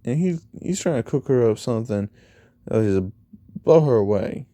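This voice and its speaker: A man casually rambles through a fan-made story, retelling each line of dialogue with "he's like" and "you know." His medium-pitched voice has lively intonation, a moderate pace, and a dark tone, with no room sound.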